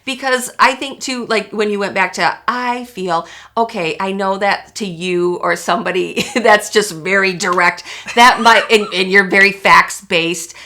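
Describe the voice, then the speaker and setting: A middle-aged woman talks with her co-host in a bright, slightly tense voice. She is reflective and chatty, often leaning on "you know" and "like" as she works through her thoughts. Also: medium pitch, measured pace, hardly any pauses. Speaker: podcast co-host. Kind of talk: casual chat.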